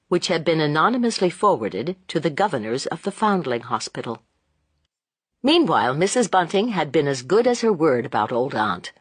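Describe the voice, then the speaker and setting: Woman narrator, low breathy voice, lively pitch, dry close recording, audiobook. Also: no echo. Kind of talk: scripted narration.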